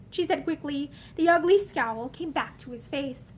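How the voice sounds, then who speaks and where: A woman reading a novel aloud with expressive, animated narration. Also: high voice, moderate pace. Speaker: audiobook reader.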